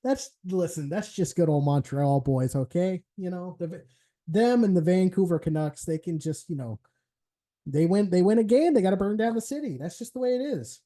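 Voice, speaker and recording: A man's voice: sits high, expressive, moderate pace, dark tone. A man hosting a live stream, chatting casually and rambling, swearing freely and laughing often. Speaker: streamer host.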